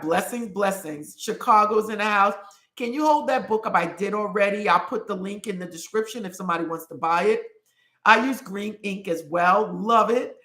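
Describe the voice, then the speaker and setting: A woman's voice: medium pitch, fairly bright tone, reverberant. A woman from New York hosting a live stream, reading out viewer comments and greeting people with effusive, repeated praise. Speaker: host.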